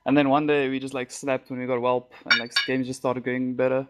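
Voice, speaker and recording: A man from South Africa, a guest on a gaming podcast, talking in a relaxed, mumbly way with plenty of fillers. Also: mid-range voice, brisk, heavy background noise. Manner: laid-back, mumbly, lots of fillers. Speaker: podcast guest, esports player. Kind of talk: casual interview chat.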